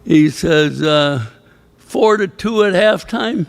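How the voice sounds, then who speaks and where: A man's voice: on the high side, lively intonation, slow, vocal fry. An older man, a retired coach, telling a rambling, chuckling story at a ceremony. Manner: rambling anecdotal storyteller, chuckling, quoting others. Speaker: former coach and inductee. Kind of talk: storytelling speech at an awards ceremony. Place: banquet hall at a ceremony.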